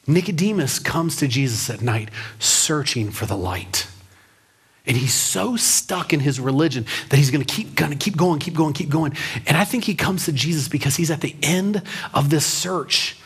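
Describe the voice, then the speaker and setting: Husky-voiced man preaching conversationally. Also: a little high, animated, normal speed, a bit bright. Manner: storytelling, emphatic with rhetorical questions. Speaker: pastor. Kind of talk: conversational sermon. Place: church.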